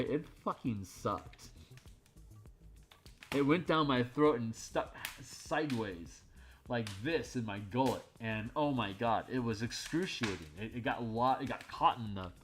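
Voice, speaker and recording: A man's voice: medium pitch, a bit bright. A man casually chatting on a stream while he draws, rambling and candid, swearing freely. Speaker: streamer drawing art.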